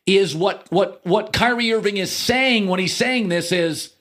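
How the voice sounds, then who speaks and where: A middle-aged man hosting a sports talk show, delivering an opinionated monologue with jokes and quick mocking impressions. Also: high-pitched. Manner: animated, joking, swings into mocking impressions. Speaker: sports radio host.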